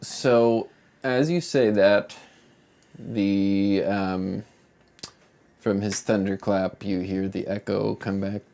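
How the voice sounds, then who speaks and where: A man narrates a tabletop game as its game master. His voice is low and gravelly, and he lets each line of the scene unfold slowly. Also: steady tone, dark tone, a little hiss or hum.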